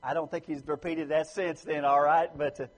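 Husky-voiced man preaching a sermon. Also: normal speed, rough recording. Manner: lively preaching, rising loud for emphasis then dropping low.

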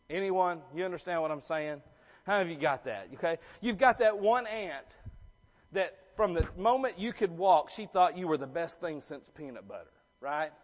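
A man's voice: a little high, big-room sound. A man preaching a sermon to his congregation, chatty and joking, asking the room questions. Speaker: pastor. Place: church sanctuary.

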